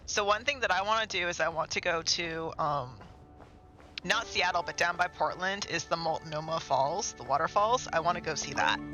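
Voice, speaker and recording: A man's voice: a little high, normal speed, bright, forceful tone, dull audio. A man streaming a game live, chatting casually and rambling to himself and his chat. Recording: game music clearly behind.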